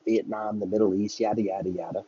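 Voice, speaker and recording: A man's voice: on the low side, flat delivery, quick pace, mellow, husky, lo-fi sound. A man hosting a podcast, ranting on his own in a heated, profane, rambling way. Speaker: podcast host. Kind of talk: solo political commentary rant.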